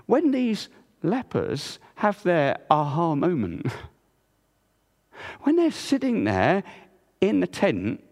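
A man preaching a sermon in a church, swinging between loud emphasis and hushed low tones. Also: wildly swooping pitch, slow, pauses often. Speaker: pastor. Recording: long reverb of a church hall.

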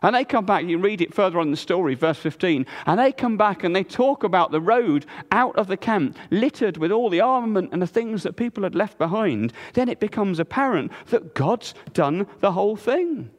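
Guy preaching, fairly high voice, big dramatic swings loud to hushed, church echo trailing off. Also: expressive, normal speed, few pauses. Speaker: pastor. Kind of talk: sermon. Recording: long reverb of a church hall.

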